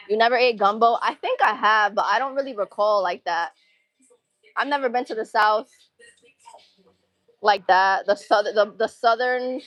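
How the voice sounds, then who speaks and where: A woman's voice: a little high, fairly bright tone. A woman livestreaming from a gym between sets, chatting casually and rambling in laid-back slang as she answers her chat.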